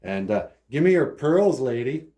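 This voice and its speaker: A man voicing a threatening street robber, blunt, loud and raised, comic storytelling. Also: medium pitch, big pitch swings, measured pace, pitched above the performer's own voice. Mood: menacing.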